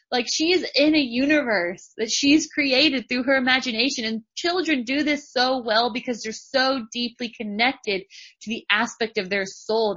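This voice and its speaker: Woman in her thirties, podcast host, higher voice, emphatic repeats, dull lo-fi recording. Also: pushed and bright, breathy edge. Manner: emphatic, repeats phrases for effect. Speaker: podcast host and business coach. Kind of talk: motivational spiritual talk.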